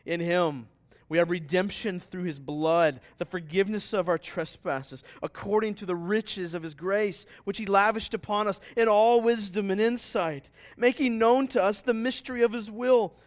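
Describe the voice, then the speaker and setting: Male pastor, higher-pitched, emphatic scripture reading that builds. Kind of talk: reading scripture aloud in a sermon.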